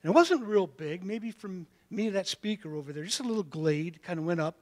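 A man preaching a sermon in a folksy storytelling way, moving from quiet asides to loud calls to the congregation. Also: high voice, animated, brisk. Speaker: pastor.

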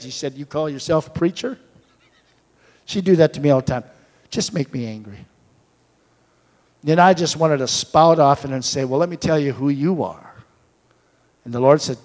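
Long hall reverb surrounds a man preaching in a slightly mellow voice on the high side. His sermon unfolds through storytelling with acted-out dialogue, climbing to fervent proclamation.

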